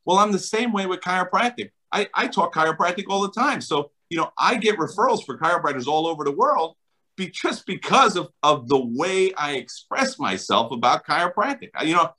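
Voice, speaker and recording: A middle-aged man with a New Jersey accent talks with eager conviction. His voice sits a little high and bright, and it swings widely as he stresses his points. He is an enthusiastic interview guest who laughs often. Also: expressive, fairly quick, rough recording. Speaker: chiropractor guest. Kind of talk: animated interview talk.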